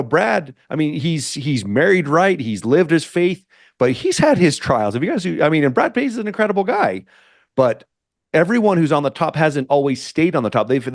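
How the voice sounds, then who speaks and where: A man's voice: fairly high pitch, vocal fry, no room sound. Podcast host guy, earnest and churchy, keeps tripping on his words, super dry audio. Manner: stumbling, repeats words, fervent and religious. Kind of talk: interview podcast.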